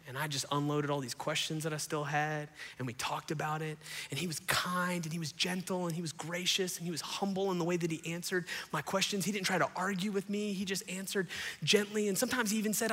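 A young man, a pastor telling his story in an animated sermon to a congregation, acting out the quotes. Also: on the high side, brisk. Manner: animated, acts out quotes, addresses crowd as y'all. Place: church auditorium before a congregation. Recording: long hall reverb.

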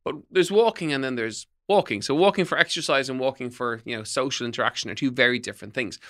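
A man's voice: medium pitch, fast talker, a bit bright. A middle-aged man hosting a fitness podcast, giving tips in an emphatic coaching tone. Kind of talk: solo podcast talk, tips.

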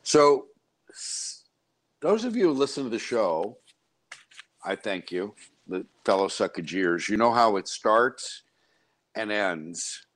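A man's voice: on the low side, big pitch swings, slow, pauses often, a bit bright. Chatty male radio host. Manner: chatty, digressive banter. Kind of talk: radio talk show. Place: radio studio.

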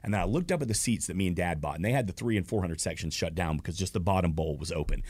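A man's voice: low voice, very fast, breathy edge. A man from Georgia, a guest in a casual chat, telling stories with strong emotion. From Georgia, USA. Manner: emotional, expressive storyteller. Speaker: guest, stadium announcer.

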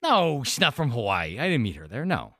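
A man's voice: mid-range voice, wildly swooping pitch, bright, forceful tone, dry recording, studio quality. A man hosting sports talk radio, chatting casually and often restarting his sentences. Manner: rambling, halting restarts.

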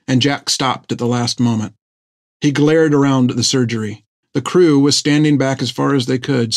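A man reads an adventure story aloud in steady, scripted narration. His delivery is even and measured, at a middling pitch. The recording is dry and close. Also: no echo. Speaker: audiobook narrator.

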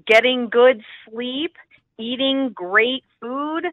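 A woman's voice: sits high, slow pace, no echo. Upbeat woman guest on a muffled line. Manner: upbeat, laughs often, lists advice with emphasis. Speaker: psychotherapist guest. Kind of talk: casual interview chat.

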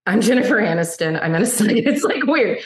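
A woman's voice: mid-range voice, brisk. Chatty woman storyteller in a roomy space. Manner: chatty, animated storyteller who acts out dialogue. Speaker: guest, singer-songwriter. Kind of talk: casual interview storytelling. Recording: roomy echo.

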